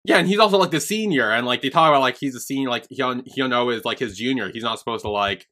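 A young man on a podcast, chatting casually through an episode recap. His voice is bright and forward, with a middling pitch. He rambles, swears a lot, and slips into the characters' lines as he goes. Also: quick pace. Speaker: podcast co-host.

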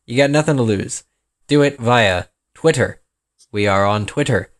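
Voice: medium pitch, moderate pace. A podcast co-host chatting casually, telling anecdotes and inviting listeners to get in touch. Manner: lively, chatty, addresses listeners directly. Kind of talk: casual chat.

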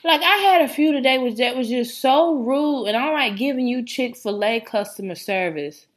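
A woman's voice: high-pitched, moderate pace. A woman from Rochester, New York, hosting a casual talk show, telling stories with big laughs and joking slang. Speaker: podcast host. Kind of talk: casual chat.

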